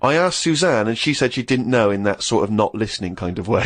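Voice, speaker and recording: Man deadpan-reading a diary aloud. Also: lowish voice, fast talker, few pauses, noisy background. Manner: deadpan reading, breaking into laughter. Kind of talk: reading aloud in a radio comedy chat.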